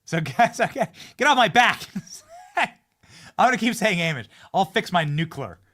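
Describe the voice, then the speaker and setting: Pitched high and talking at a normal speed, this political talk show host streams live from a studio. He chats excitably and casually, hyping guests while frequently repeating and restarting what he says.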